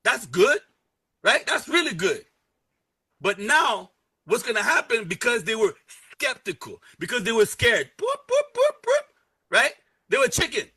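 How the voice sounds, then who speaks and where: A man giving an energetic live sales pitch, repeating key words and joking with his chat audience. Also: unhurried, creaky, slightly rough. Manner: energetic, repetitive, salesy, playful asides. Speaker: presenter pitching a travel membership.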